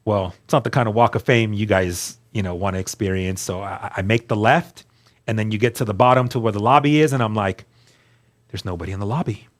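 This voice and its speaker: A man telling his story as a guest, earnest and animated, acting out the dialogue he quotes. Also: lowish voice, brisk. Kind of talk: storytelling testimony.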